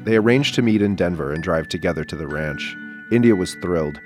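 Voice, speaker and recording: A man narrating a documentary podcast in a calm, matter-of-fact scripted reading. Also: low voice, brisk, over music.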